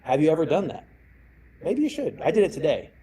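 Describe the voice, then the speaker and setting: A man's voice: on the high side, huge pitch swings, a little fast, dark tone, slight background noise, rough recording. A middle-aged man giving a conference talk on security, telling stories and acting out the people in them. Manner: storytelling, acts out quoted voices. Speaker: cybersecurity speaker. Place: presentation room.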